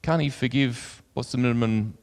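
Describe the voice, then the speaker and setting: A man's voice: mid-range voice, moderate pace, gravelly. Man preaching in a reverberant hall. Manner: earnest, reads scripture aloud with rising emphasis; conversational asides with fillers. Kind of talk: sermon.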